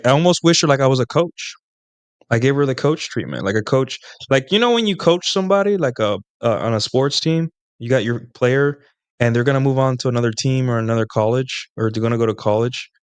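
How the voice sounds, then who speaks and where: A man of middle pitch with a smooth, resonant voice, recorded dry and close. He boasts his way through loose, rambling dating anecdotes on his own stream, forever turning to his listeners for agreement. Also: lively intonation, a little fast, dry recording. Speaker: streamer hosting a solo talk show. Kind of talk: casual storytelling monologue about dating.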